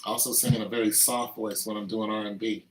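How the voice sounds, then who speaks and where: A man in his fifties, a singer-songwriter chatting casually between takes in a relaxed, musing way with easy fillers. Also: fairly low pitch, fast, a little hiss or hum. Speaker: singer-songwriter making beats. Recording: echoey room with faint music.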